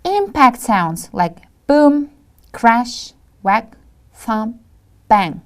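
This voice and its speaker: Slow, careful woman English teacher. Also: on the high side, sing-song. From Kyrgyzstan. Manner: slow, deliberate listing of words to students. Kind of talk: classroom video lesson.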